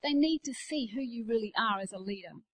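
A woman in her forties giving a conversational sermon to church leaders, telling personal stories, moving between hushed asides and emphatic declarations. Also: fairly high pitch, animated, a little fast, low-quality recording. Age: 40s. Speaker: pastor speaking at a leadership day.

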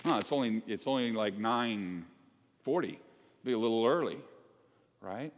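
Animated male pastor in an echoing church. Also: lowish voice, measured pace. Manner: conversational and animated, joking asides to the congregation. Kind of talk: sermon. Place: church sanctuary. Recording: long hall reverb.

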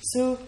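A woman's voice: echoey room, background noise. A woman preaching a sermon in a conversational way, often checking in with listeners and asking them questions. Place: room with a small responding audience.

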